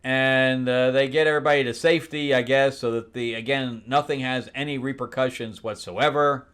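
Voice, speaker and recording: A man recapping comic books in a loose, sarcastic ramble. He trips over his words and restarts often, and he trails off dryly at the end of lines. His voice sits at an everyday middle pitch. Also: fairly even intonation, moderate pace, fairly bright tone, clean tone. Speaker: comic book reviewer.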